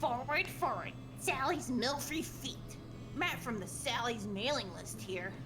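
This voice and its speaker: High-voiced woman reading deadpan. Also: a little slow, over music. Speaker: stream co-host. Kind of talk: playing a dating game on stream, reading fan letters aloud.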